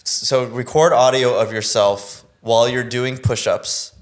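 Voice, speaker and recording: A man's voice: medium pitch, fairly even intonation, a little slow. A man guesting on a comedy podcast, rambling through stories with lots of fillers and restarts. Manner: rambling, filler-heavy storytelling. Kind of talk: casual comedy podcast chat.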